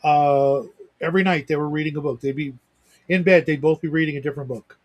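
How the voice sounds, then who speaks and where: A male livestream host with a slightly high voice and steady tone talks fast in casual, rambling chat. He keeps restarting and dropping in asides.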